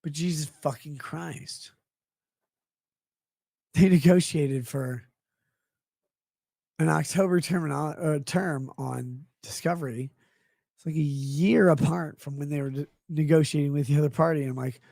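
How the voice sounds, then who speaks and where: Male streamer, gravelly and husky, sarcastic crude rambling, dry sound. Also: on the high side, a little slow, pauses often, a little mellow, no echo.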